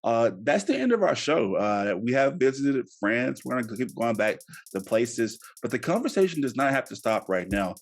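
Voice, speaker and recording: A man's voice: medium pitch, big pitch swings, normal speed. A man hosting a casual podcast, talking earnestly and encouragingly, with many fillers. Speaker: podcast host.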